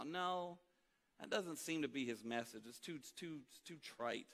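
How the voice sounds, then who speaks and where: A man preaching a sermon as pastor, telling a story in an animated way and acting out the voices of those in it. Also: mid-range voice, normal speed. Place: church auditorium. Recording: long hall reverb.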